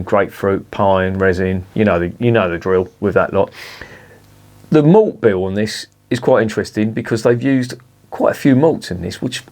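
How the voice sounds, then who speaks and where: A man's voice: lowish voice, a little mellow. A man reviewing a beer in a casual vlog, blunt and grumbling, swearing freely.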